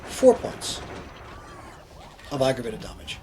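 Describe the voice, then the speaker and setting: A man acting as storyteller, narrating a tabletop role-playing game with steady, descriptive scene-setting. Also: medium pitch, slow, a little hiss or hum.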